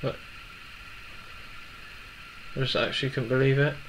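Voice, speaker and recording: A young man in his twenties telling a personal story in a halting, emotional way with many restarts. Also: medium pitch, little pitch movement, a bit bright, slight background noise, rough recording. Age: 20s. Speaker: vlogger.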